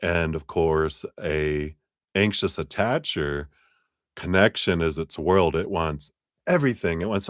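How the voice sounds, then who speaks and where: A man talking through a live tarot reading, animated, with frequent fillers and laughs. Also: a little slow, no echo, studio quality. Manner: animated, acts out quoted voices with big pitch jumps; laughs often, many fillers. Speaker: tarot reader. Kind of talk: live-streamed reading talk.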